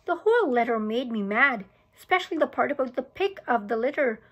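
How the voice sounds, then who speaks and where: A woman teacher reading a children's novel aloud in a steady storytelling manner, with small restarts. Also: sits high, brisk.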